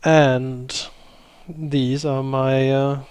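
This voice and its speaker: A man voicing a courteous, self-assured wizard who speaks formally with slow emphasis. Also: mid-range voice, level tone, darkish tone, smooth, no echo. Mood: formal, courtly. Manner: formal, theatrical bowing speech with slow emphasis.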